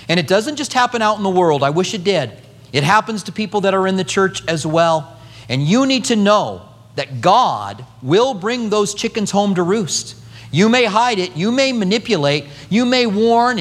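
A man pastor delivering a sermon to his church, animated and conversational, slipping into voices to act out biblical figures. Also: sits high. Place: church sanctuary. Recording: long hall reverb.

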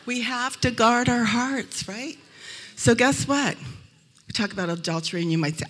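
A woman from Arizona giving a humorous faith talk to a live audience in a hotel event room. She tells lively stories and acts out the voices of the people in them. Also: mid-range voice, normal speed, husky. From Arizona, USA. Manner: lively storytelling, acting out quoted voices. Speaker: speaker at a Christian event.

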